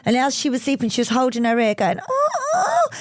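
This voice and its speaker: Brief: podcast host, a bit high-voiced, animated storyteller, dry close mic. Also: female voice, quick pace, dry recording. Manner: animated, laughing, acts out quoted voices. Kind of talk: casual storytelling chat.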